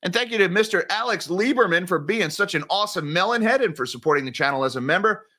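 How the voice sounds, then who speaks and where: A man's voice: sits high, expressive, quick pace, sharp tone. A man hosting a finance channel, chatting casually through viewer comments and correcting himself as he rambles. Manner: rambling, conversational, self-correcting. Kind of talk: casual livestream chat reading viewer comments.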